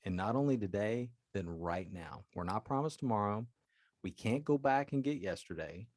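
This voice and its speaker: A man's voice: on the low side, expressive, normal speed, darkish tone, dry recording. A man hosting a solo advice podcast as a life coach, talking earnestly and directly to his listeners.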